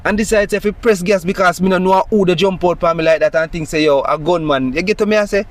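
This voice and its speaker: His voice sitting high and his intonation fairly even, a Jamaican-accented man speeds through an impassioned account of a police stop. He is agitated and emphatic, throwing out one rhetorical question after another.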